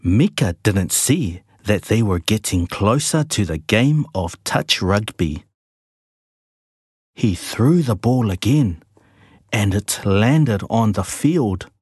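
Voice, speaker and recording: A man reading a children's picture book aloud, with a slow, lively read-aloud manner. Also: fairly low pitch, husky, dry recording, studio quality. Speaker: storybook reader.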